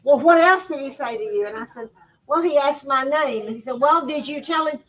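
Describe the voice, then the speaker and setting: Older woman telling a story at a store event, bright high voice, lots of laughing, mic far off. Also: a little fast. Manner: lively, laughs often, acts out quotes. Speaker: guest speaker. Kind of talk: animated personal storytelling.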